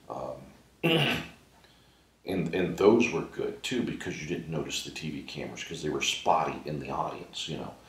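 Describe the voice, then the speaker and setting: A man being interviewed as a ventriloquist, telling animated anecdotes and laughing often. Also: extremely low pitch. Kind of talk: casual storytelling interview. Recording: roomy sound from a distant mic.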